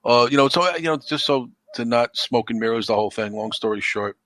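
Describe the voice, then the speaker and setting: A man's voice: mid-range voice, brisk, fairly bright tone, no echo. A man talking as a podcast guest in a rambling, repetitive way, with lots of "you know.". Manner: rambling, repeats himself, frequent "you know". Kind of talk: casual conversation.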